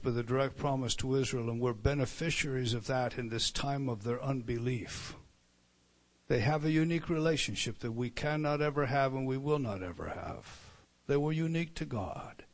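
A man preaching a sermon, teaching through a text with frequent restarts and repeated words, building to loud emphatic lines and dropping to soft asides. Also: mid-range voice. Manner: animated teaching, many restarts and stammered repeats.

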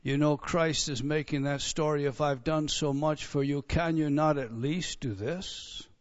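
A man preaching a sermon as pastor, emphatic, building up to near-shouts on key points. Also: a little high, steady tone, unhurried. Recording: dull lo-fi sound.

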